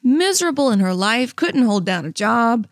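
A woman's voice: fairly high pitch, very animated, moderate pace, dry recording, clean studio sound. Chatty woman rambling through funny stories. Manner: rambling storyteller, frequent laughs and fillers. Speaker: comedy podcast co-host. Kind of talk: casual rambling chat. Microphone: close studio mic.

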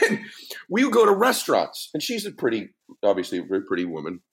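Animated storytelling man, lively pitch. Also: brisk, vocal fry. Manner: lively, emphatic, joking. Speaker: podcast guest.

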